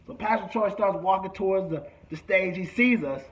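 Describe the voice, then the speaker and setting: A man telling a personal story in an animated way, acting out the people he quotes. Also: sits high, moderate pace. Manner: acts out quotes, shouting and whispering.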